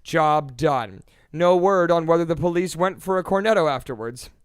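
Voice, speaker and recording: High-voiced man reading mock news deadpan. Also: normal speed, smooth, dry recording, studio quality. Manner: deadpan, self-important anchor delivery. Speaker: podcast co-host reading a news segment.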